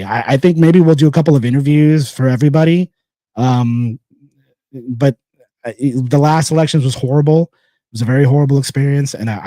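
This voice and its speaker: Man, podcast host, blunt and rambling, dry close sound, mid-pitched voice. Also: dry recording. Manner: blunt and rambling, with repeated phrases and sponsor shout-outs. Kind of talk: casual solo podcast monologue.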